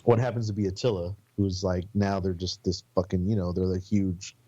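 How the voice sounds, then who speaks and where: A man's voice: sits low, flat delivery, fairly quick, mellow, breathy edge, lo-fi sound. A man from San Antonio, a podcast guest, telling casual, rambling road stories with plenty of swearing and quoted voices. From San Antonio, Texas. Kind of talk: casual storytelling.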